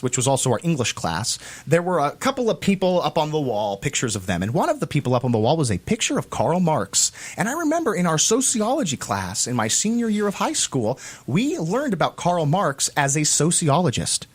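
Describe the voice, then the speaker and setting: Animated, emphatic American man. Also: fairly high pitch, husky. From United States. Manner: animated, emphatic, repeats phrases for stress. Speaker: co-host of a commentary show. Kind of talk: opinionated political commentary.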